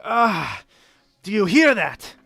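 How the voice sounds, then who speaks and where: A man's voice: high-pitched, wildly swooping pitch, takes it slowly, vocal fry, slightly rough, no room sound, soft background music, pitched above the performer's own voice, full character voice. A man voicing a mad young male count who raves about worms and a beating heart. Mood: raving. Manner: raving, shouting, manic.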